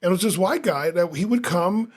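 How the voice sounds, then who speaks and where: A pastor in his fifties from Omaha, Nebraska, appears as a guest on a podcast interview, earnestly giving his personal testimony and life story with frequent restarts. His voice is high-pitched and brisk, with lively intonation.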